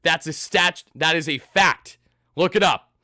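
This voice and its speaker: Young NY male streamer, high and bright, worked up, shouts a lot, close dry mic. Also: a little slow, no room sound. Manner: hyped, loud, shouting and thanking donors. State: sweaty and worked up. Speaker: host of a fan live stream. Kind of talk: excited postgame livestream chat.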